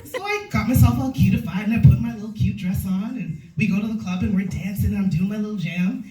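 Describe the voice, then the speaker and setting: A woman's voice: medium pitch, fast talker, faint music behind. A young adult woman performing a stand-up comedy set, telling stories and acting out quotes. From Canada. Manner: animated storytelling, acting out quotes. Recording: echoey room from far off.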